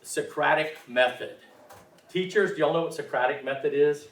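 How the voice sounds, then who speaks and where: A man's voice: a little high, normal speed, a bit bright. Chatty man teaching a class, distant. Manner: chatty, frequent "right?" check-ins, self-deprecating. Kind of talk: classroom instruction. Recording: roomy, distant, faint hiss.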